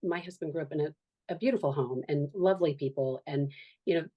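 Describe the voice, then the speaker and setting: A woman's voice: low voice, fast, muffled recording. A woman in her fifties, a podcast guest talking earnestly and reflectively about her life. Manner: earnest, reflective, acts out quoted voices. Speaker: guest, author and social worker. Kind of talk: candid podcast conversation.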